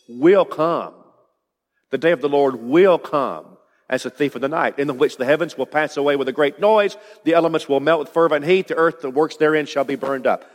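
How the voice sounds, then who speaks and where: A man's voice: a little high, in a large hall. A man preaching an expository sermon, emphatic and building to rising declarations.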